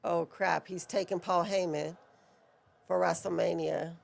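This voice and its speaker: A woman's voice: fairly low pitch, steady tone, a little slow, gravelly. A woman co-hosting a wrestling watch-along, giving live reaction commentary with playful, laughing banter.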